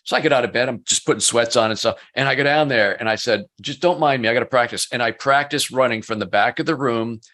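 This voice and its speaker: A man's voice: medium pitch, quick pace, hardly any pauses, fairly bright tone. A middle-aged man, a business coach, telling stories in a casual interview, chatty and self-mocking. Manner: chatty, self-mocking storyteller who laughs often.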